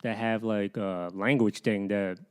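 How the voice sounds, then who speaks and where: A man's voice: lowish voice, fairly even intonation, unhurried, clear, resonant tone. A man from the United States, a guest comedian in a casual chat, talking hesitantly with many fillers and restarts.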